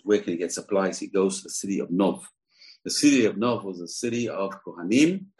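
Man, deep voice, religious lesson, animated storytelling, acts out quotes. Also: fairly quick, rough recording. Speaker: religious teacher. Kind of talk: retelling a scripture story in a lesson.

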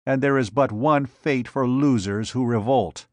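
A fierce warrior queen issues cold, snarling threats, put on by a man reading a pulp adventure aloud. The delivery is slow and measured. It is recorded dry and close, with no room sound. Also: medium pitch, no echo, lightly acted. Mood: cold, threatening. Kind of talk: audiobook narration.

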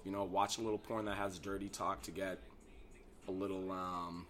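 Young male podcast guest, lowish voice, frank and lively, plenty of filler words. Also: moderate pace. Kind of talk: casual podcast chat.

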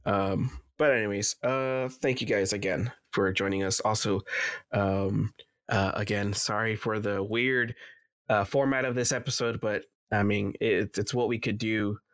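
Low-voiced man hosting a podcast. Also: fairly even intonation, measured pace, a bit bright, no echo, studio quality. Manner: joking, rambling with restarts. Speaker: podcast host and editor. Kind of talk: casual chat.

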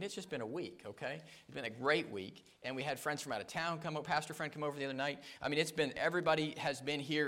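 Middle-aged male pastor, earnest sermon delivery, mid-range voice, dynamic volume swells. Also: mid-range voice. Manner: earnest preaching with sudden swells in loudness.

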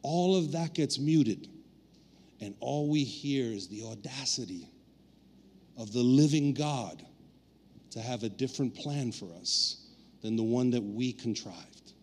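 A man's voice: mid-range voice, unhurried, pauses often, darkish tone. A man preaching a sermon as pastor, telling a personal story with playful acted-out asides before turning earnest. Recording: reverberant hall.

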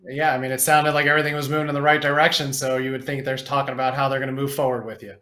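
A man's voice: medium pitch, level tone, very fast, sharp tone. A man hosting an interview podcast, introducing his guest with admiration. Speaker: podcast host. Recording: echoey room.

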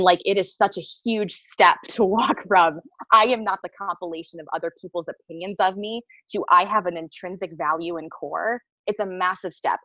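A woman's voice: mid-range voice, no room sound, low-quality recording. A woman actor telling stories in a casual interview, candid and laughing often, swearing freely.

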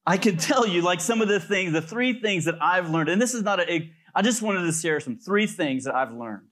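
A pastor preaching a sermon in a loose, conversational way, telling stories with plenty of fillers. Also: male voice, high-pitched, expressive, moderate pace, a bit bright. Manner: conversational storytelling with many fillers.

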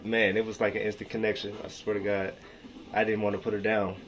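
A man's voice: fairly low pitch, level tone, fast. Profane, teasing podcast co-host man. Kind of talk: casual chat.

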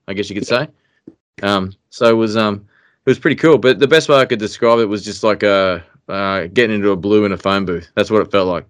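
An Australian man, a podcast guest, telling a story in casual chat, excitable and animated, trailing off into fillers. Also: lowish voice.

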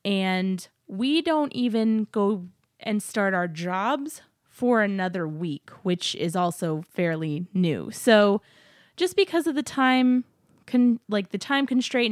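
An upbeat woman co-hosting a podcast, chatting casually from a home studio. Her voice sits at an ordinary middle pitch, and the sound is close and dry with no room echo. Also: animated, a little slow. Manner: chatty, upbeat, laughs often. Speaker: podcast co-host. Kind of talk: casual chat. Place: new apartment studio.

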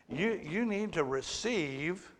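Slow, high-voiced preacher in an echoing hall. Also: male voice. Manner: teaching with humor and audience questions. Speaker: pastor. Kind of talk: sermon. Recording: long hall reverb.

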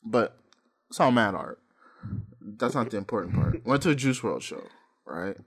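A young man co-hosting a podcast, casually telling stories, laughing often and breaking into loud impressions of hype men. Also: on the low side, lively intonation, normal speed, husky. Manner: laughing storyteller, mimics hype men with yells. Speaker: podcast co-host. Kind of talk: casual chat.

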